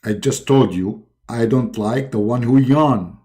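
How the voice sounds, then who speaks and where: A man voicing a solemn male deity who speaks slowly and drags out his words. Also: mid-range voice, dark tone, voice pushed down, lightly acted. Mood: confiding. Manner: slow, drawn-out, solemn. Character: slow booming male deity making a phone call.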